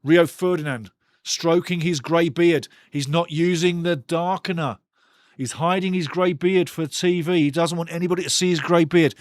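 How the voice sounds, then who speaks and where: A man's voice: fairly high pitch, steady tone, normal speed, no room sound, clean studio sound. A man hosting a live football watchalong, talking passionately and ranting about refereeing calls in a chatty way. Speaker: watchalong host.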